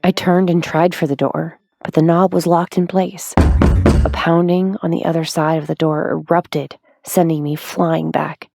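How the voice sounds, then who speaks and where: A woman narrating a horror story in a hushed, drawn-out way, sometimes dropping to a whisper. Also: sits low, little pitch movement, gravelly, faint music behind. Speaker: audiobook narrator.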